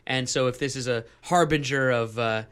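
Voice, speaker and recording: A man's voice: medium pitch, normal speed, a bit bright, clean tone. A young man hosting a radio show, from Seattle, chatting casually and playfully and drifting into silly bits. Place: radio studio.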